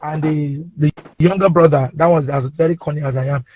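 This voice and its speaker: Nigerian comedian guest, high husky tenor, animated storyteller, muffled call audio. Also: male voice, a little fast. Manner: animated, playful, acts out voices. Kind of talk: casual anecdotal storytelling. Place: inside a parked car. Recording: dull lo-fi remote audio.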